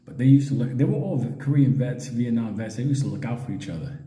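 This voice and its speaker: A man's voice: mid-range voice, fast talker. A middle-aged man telling a story casually, swearing heavily and laughing often. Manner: animated, laughing, heavy swearing. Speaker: show host. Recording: roomy echo with long reverb.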